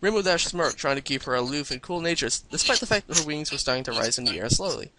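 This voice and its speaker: A man's voice: fairly high pitch, expressive, fast, bright, forceful tone, rough recording. A young man reading a fan fiction aloud for laughs, breaking off for mocking, exasperated asides. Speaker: fanfic reader. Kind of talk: comedic fanfic reading with commentary.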